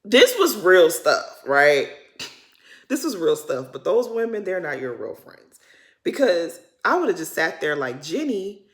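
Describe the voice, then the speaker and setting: A woman's voice: fairly low pitch, big pitch swings, a little slow. Chatty, slangy woman doing a TV recap. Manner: chatty, slangy, opinionated, laughs often. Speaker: recap host. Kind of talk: casual reality TV recap commentary.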